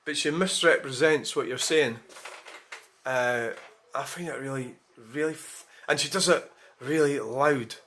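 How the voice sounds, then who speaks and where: This is a vlogger's casual monologue: a man with a mid-range, fairly bright voice talks at a measured pace, with a little hiss or hum audible. He rambles and speaks frankly, swearing freely and often correcting himself.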